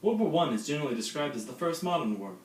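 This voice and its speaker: A man's voice: fairly high pitch, very animated, very fast, recorded from a distance. A teenage boy presents a school history project with dry, joking asides. He sits back from the mic in an echoey room. Faint background noise runs underneath. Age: late teens. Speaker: student presenter.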